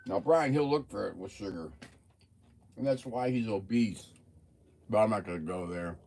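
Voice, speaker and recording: A man's voice: lowish voice, moderate pace, a little mellow. A man hosting a casual livestream, chatting with viewers while eating and talking with his mouth full. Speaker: livestream host.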